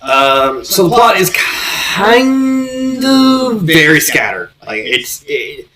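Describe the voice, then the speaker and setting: A man's voice: high voice, sing-song, drawn-out words, bright, forceful tone, a little hiss or hum, low-quality recording. A man casually reviewing a fanfiction story, rambling and giggling as he goes, with bursts of put-on voices.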